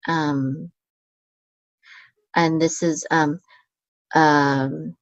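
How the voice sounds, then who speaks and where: Woman teacher, mid pitch, slow and dry, dull home-recorded sound, sings out the marks then murmurs explanations. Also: level tone, no echo. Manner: chants the marks and words higher and slower, explains at a quick low murmur, many ums. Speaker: Hebrew teacher. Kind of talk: casual teaching, chanting trope words.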